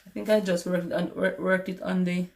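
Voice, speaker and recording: A woman's voice: fairly low pitch, flat delivery, moderate pace, creaky, darkish tone, roomy sound. A woman with a Caribbean English accent tutoring math on a casual livestream, chatting with viewers as she works through problems. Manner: chatty, talks to viewers and answers chat.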